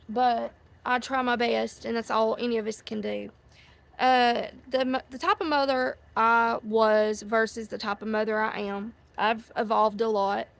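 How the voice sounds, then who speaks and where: Hosting a casual chat outdoors beside quacking ducks, a middle-aged woman speaks in a fairly high voice with vocal fry. She rambles before a live audience and gets sidetracked easily.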